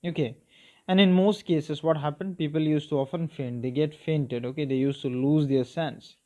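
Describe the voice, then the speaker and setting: A man's voice: a little high, fairly even intonation, darkish tone. A male English teacher reading a story aloud and explaining it line by line, checking in with the class. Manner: explains slowly, checks in with "okay" and "clear".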